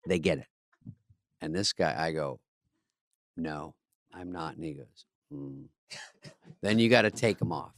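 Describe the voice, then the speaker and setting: A man's voice: very deep voice, unhurried, pauses often, no room sound, studio quality. A man co-hosting a podcast in casual chat, telling stories in a sarcastic, swearing way. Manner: sarcastic storyteller, swears freely. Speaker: podcast co-host.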